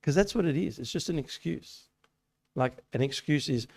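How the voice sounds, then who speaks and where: Speaking at a youth meeting in a church hall, this man delivers a relaxed sermon full of stories and rhetorical questions. He talks briskly at a medium pitch, with a creaky, somewhat mellow voice and a breathy edge.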